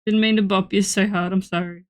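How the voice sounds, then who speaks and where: A woman's voice: mid-range voice, steady tone, a little fast. A woman, streaming casually from home into a desk mic, muttering and swearing to herself and cooing baby talk to her pet. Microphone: desk microphone.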